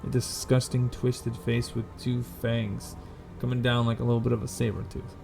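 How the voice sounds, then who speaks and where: A man narrating a tabletop game as game master, painting each scene slowly with fillers and self-corrections. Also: medium pitch, monotone, vocal fry, music in the background.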